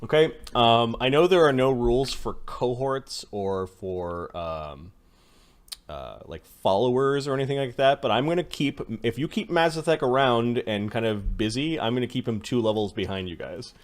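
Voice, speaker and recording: A man running a tabletop game as game master. He explains the situation calmly and a little hesitantly, pausing often, in a mid-pitched voice. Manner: relaxed, hesitant, many fillers.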